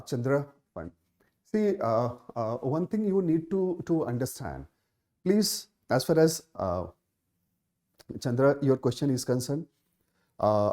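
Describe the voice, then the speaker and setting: A man's voice: mid-range voice, mellow. Emphatic Indian English coaching teacher, man. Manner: emphatic, repeats key phrases, many fillers. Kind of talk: live Q&A session answering student questions.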